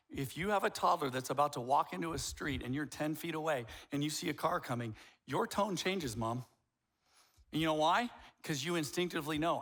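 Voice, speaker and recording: An older man delivers a sermon from the pulpit with a bright, forward voice sitting a little high. He tells family stories with animated energy and plays every part in them. At the big moments his voice climbs into near shouts. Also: normal speed. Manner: animated storytelling, acts out dialogue, rising to near shouts. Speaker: pastor. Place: church sanctuary.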